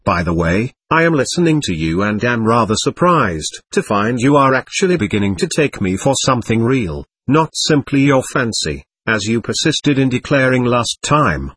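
Male reader as the devil: genteel, sly, husky, lower and softer than his narration, lively pitch. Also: moderate pace, few pauses, dry recording. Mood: teasing. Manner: smooth, mocking, genteel. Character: suave, ironic male devil, a shabby gentleman. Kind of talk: audiobook reading.

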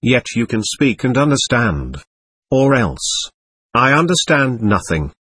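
A man voicing a desperate young army lieutenant who pleads breathlessly, in a husky voice. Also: mid-range voice, big pitch swings, takes it slowly, a bit bright, no room sound, heavily acted.

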